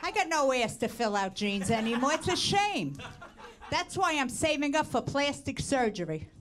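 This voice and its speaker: A woman's voice: big pitch swings, moderate pace. Bronx lady doing standup, brash and self-mocking, big swoopy voice. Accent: New York (Bronx). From the Bronx, New York. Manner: brash, self-mocking, swings pitch up for punchlines. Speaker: stand-up comedian. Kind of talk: stand-up comedy set. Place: comedy stage with audience. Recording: stage recording, audience laughing.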